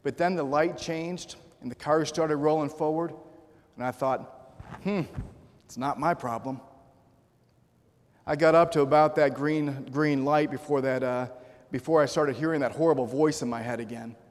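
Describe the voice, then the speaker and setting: A man's voice: a little high, fairly even intonation, normal speed. A man preaching a sermon, telling a personal story and acting out the voices in it. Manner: storytelling, acts out quoted voices. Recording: long reverb of a large hall.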